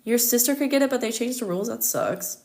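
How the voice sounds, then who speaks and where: Here the astrology livestream host, a young woman from the US, talks fast in a slightly high, slightly mellow voice. She keeps things chatty and giggly, with plenty of fillers.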